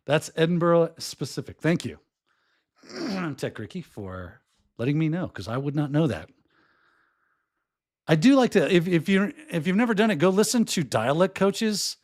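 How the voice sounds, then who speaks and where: A middle-aged man hosting a podcast in casual chat, hoarse and losing his voice, rambling and slipping into put-on accents. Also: fairly high pitch. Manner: chatty and rambling, often breaking into put-on accents. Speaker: podcast host.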